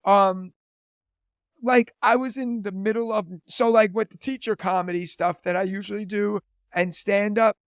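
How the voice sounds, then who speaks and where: A man's voice: high voice, fairly even intonation, normal speed, clean tone, no echo, studio quality. A man in his thirties, a teacher and comedian, chatting as a podcast guest and telling stories full of "like" fillers. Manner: chatty storyteller, lots of "like" fillers. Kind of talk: casual interview chat.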